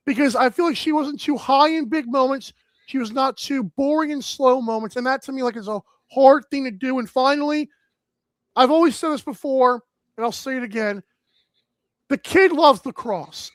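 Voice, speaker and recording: A high-pitched man hosts a live sports talk show with loose, energetic chatter and plenty of "like" and "um". The room is dry and close, with no echo. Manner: energetic, rambling, many fillers.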